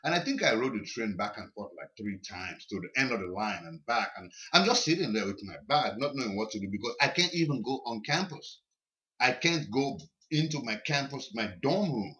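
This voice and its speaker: Guy telling a story on a podcast, gets animated, repeats himself a lot, average pitch. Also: a little fast. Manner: animated, repeats words while recounting. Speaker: podcast guest. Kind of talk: casual storytelling. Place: basement.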